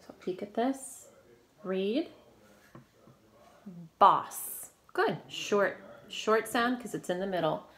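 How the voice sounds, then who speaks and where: A woman teaching a phonics reading lesson to children, prompting and praising in a slow, clear, encouraging way. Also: medium pitch, expressive, slight background noise.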